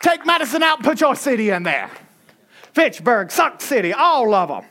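A man preaching a sermon in a fiery style, often shouting with rising pitch, with a Southern American accent. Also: sing-song, moderate pace, some chatter behind, a little hiss or hum.

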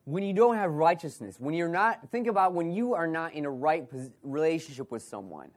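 A man's voice: a little high, animated, brisk. Male pastor, sermon delivery, calls out questions to the room, repeats himself for emphasis. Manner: preaching with rhetorical questions, repeating phrases and restarting.

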